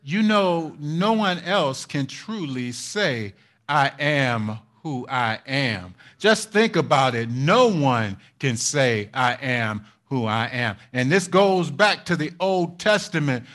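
A man preaching a sermon in a high voice. He speaks slowly and deliberately, repeating key phrases for emphasis. He often turns to his listeners for agreement and laughs lightly between points. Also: animated, fairly bright tone. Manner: repetitive, asks the congregation for responses; chuckles often while preaching. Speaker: pastor.

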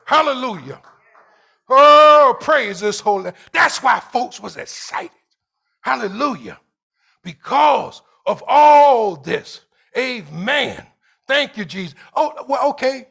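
A man preaching a sermon to his congregation, rising into shouts and drawn-out phrases and calling for answers from the pews. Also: extremely high pitch, animated, vocal fry. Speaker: pastor. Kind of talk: call-and-response sermon.

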